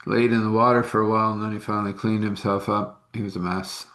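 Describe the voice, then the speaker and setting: A man telling a personal story out loud in a halting, rambling way, with fillers and restarts. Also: on the low side, flat delivery. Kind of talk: casual spoken storytelling.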